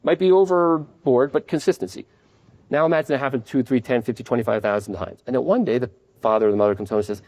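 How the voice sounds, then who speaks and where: A man lecturing as a psychiatrist at a conference, rattling along at a brisk clip. His voice is mellow and dark. His delivery is conversational, and he acts out examples as he explains. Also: medium pitch, lively intonation. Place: conference at a hotel.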